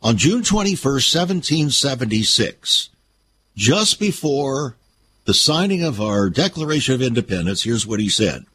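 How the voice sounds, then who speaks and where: Animated preacherly radio host, man. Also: mid-range voice, moderate pace, husky. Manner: folksy, preacherly, addresses listeners as friends. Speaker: radio talk show host. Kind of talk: radio interview and commentary.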